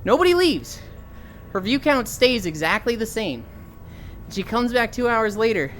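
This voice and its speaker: A woman's voice: a little high, sing-song, unhurried, soft background music. A young woman livestreaming while walking, telling stories animatedly, swearing freely and reading chat aloud.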